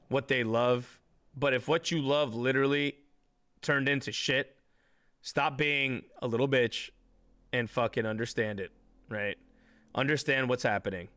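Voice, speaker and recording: Pushed and bright at a medium pitch, a male streamer launches into a profane rant at his live chat. He makes fun of viewers, cursing constantly and laughing frequently.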